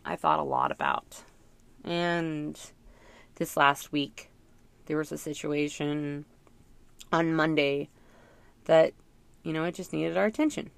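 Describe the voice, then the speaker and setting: Woman, middle-aged, low gravelly voice, rambling reflective chat, dry close sound. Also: dry recording. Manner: rambling, thoughtful, many fillers. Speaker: parent sharing reflections. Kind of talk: casual reflective monologue.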